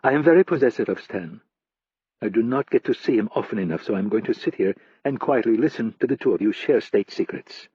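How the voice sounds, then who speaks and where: Audiobook: a poised, teasing woman as a male narrator puts her on, voice lifted a few steps and husky. Dry, dull lo-fi sound. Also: lowish voice, lively intonation, brisk. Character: poised, commanding woman, playful and possessive.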